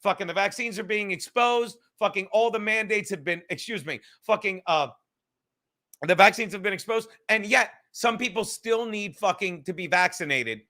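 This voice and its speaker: A man's voice: high-pitched, moderate pace, bright, forceful tone. A man hosting a podcast, ranting casually with heavy swearing and sarcastic asides. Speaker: podcast host. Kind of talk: casual rant.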